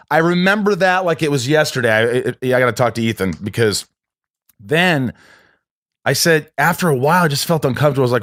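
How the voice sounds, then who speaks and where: A man's voice: mid-range voice, animated, fairly bright tone, no room sound. A man tells a personal story in loose, casual talk. He rambles, stops short and starts his sentences over. The sound is close and dry, with no room around it. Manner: rambling, halting, with many restarts.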